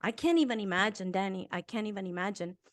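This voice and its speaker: A woman in her fifties from Romania, a guest author telling a personal story in an interview, earnest and emotional, swelling and dropping to a hush. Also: mid-range voice, expressive, quick pace. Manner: earnest and emotional, with intense swells and hushed drops.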